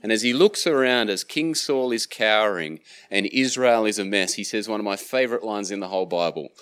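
Male preacher, slightly low voice, relaxed slangy retelling of scripture. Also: fairly quick, few pauses, clear, resonant tone. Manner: casual, paraphrasing scripture in slang. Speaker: pastor. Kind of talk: sermon storytelling.

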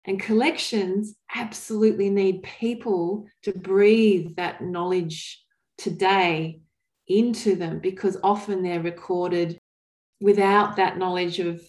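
A woman, telling stories in an interview in an earnest, thoughtful way, with pauses and restarts. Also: mid-range voice, fairly even intonation, darkish tone, reverberant. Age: 40s. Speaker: guest. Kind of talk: reflective interview storytelling.

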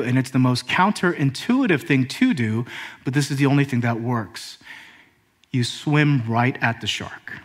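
A male pastor preaching a sermon, speaking with pauses and rising emphasis. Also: mid-range voice.

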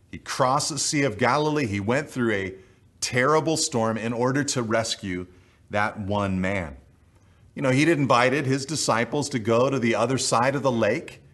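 A man's voice: medium pitch, a bit bright. A man preaching a sermon, earnest and emphatic, repeating key phrases for weight. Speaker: pastor.

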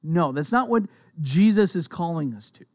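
A man's voice: a little high, lively intonation, moderate pace, a little mellow, dry recording, studio quality. A man preaching a conversational sermon, explaining a passage with light laughs and repeated phrases. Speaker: pastor.

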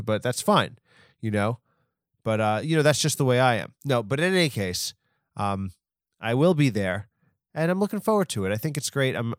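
A man's voice: medium pitch, dry recording, clean studio sound. A man in his forties hosting a comedy podcast, rambling and self-mocking with lots of fillers and restarts. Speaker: podcast host.

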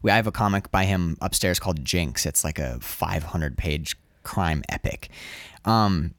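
Low-voiced guy chatting about comics, dry close sound, lots of likes and ums. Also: unhurried, a bit bright, no echo. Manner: rambling, many fillers and restarts. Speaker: podcast co-host. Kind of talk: casual chat about comics.

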